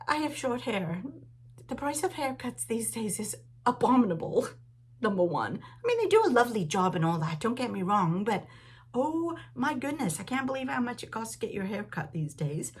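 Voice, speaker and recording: Husky chatty woman. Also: on the high side, moderate pace, long pauses. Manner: rambling, laughs often, animated asides. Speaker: knitting podcast host. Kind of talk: chatty podcast talk.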